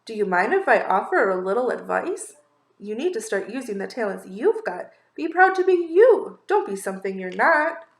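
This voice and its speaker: Squeaky bossy lil storybook mouse guy, lady doing the voice, chirpy, echoey room. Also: very animated, normal speed. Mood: advising. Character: small helpful squeaky male mouse, bossy but kind.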